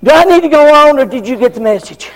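An older man preaching a fiery sermon, shouting at times and acting out members of the congregation. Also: very high voice, animated, quick pace.

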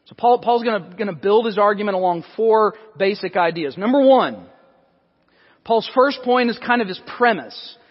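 A man's voice: sits high, expressive, normal speed, big-room sound, muffled recording. A man preaching an expository sermon as pastor, conversational, with frequent restarts and asides. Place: church sanctuary.

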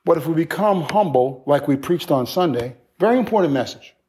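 A male pastor preaching a sermon in an animated, conversational way, with playful acted asides. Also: on the high side, fairly quick.

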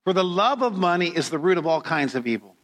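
A middle-aged man preaching a sermon as pastor, speaking slowly and deliberately, with dramatic storytelling. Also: high voice, sing-song, fairly bright tone, long reverb tail.

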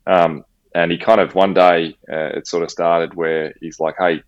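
A man's voice: low-pitched, little pitch movement, a little slow, no echo. An Australian man telling a personal story in casual conversation, with slang and acted-out dialogue. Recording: slightly dull, dry audio.

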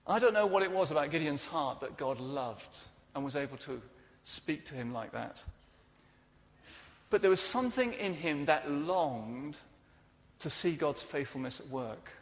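A man preaches a sermon in a church hall, retelling a story earnestly and often letting his voice fall soft and quiet. His voice sits slightly high, and a long reverb from the large hall trails behind every word. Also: lively intonation, a little slow, pauses often.

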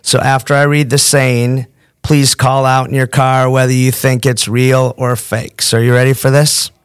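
A man's voice: mid-range voice, little pitch movement, normal speed, clean tone, no echo, studio quality. A man from the northern United States hosting a podcast, joking with puns and running a quiz game. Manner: jokey, punning, upbeat. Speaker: podcast host. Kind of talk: playful interview and quiz game.

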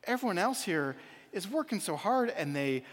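A man doing a patient, gentle King Solomon. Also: sits high, very animated, moderate pace, in a large hall.

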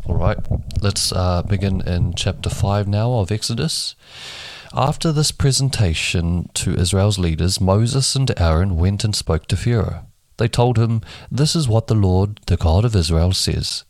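A man's voice: sits low, lively intonation, unhurried, a little mellow, no echo. A man reading scripture aloud for a daily Bible podcast, giving each speaker a different voice for dialogue. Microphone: home microphone that keeps dropping.

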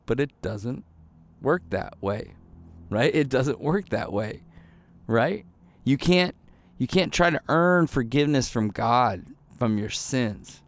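A pastor in his thirties gives a casual, candid sermon, conversational and full of fillers, acting out little quoted voices. His mid-range voice has lively intonation and a slow pace, with no room sound.

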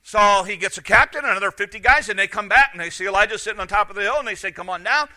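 A middle-aged man preaching a sermon, retelling scripture stories in an animated way and acting out the quotes. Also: high voice, rapid-fire. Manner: animated, acts out quoted lines. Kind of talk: sermon storytelling.

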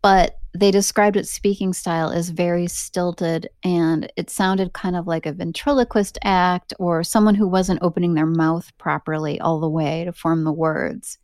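Lowish-voiced woman telling a strange story. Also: moderate pace, few pauses, no echo, clean studio sound. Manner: animated, laughing asides. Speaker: podcast host. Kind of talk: casual storytelling.

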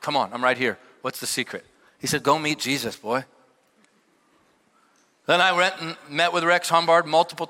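A middle-aged male pastor preaching a sermon, telling stories with sudden shouted peaks and quieter asides. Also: fairly high pitch. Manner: animated storytelling with shouted peaks and dropped asides. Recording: long hall reverb.

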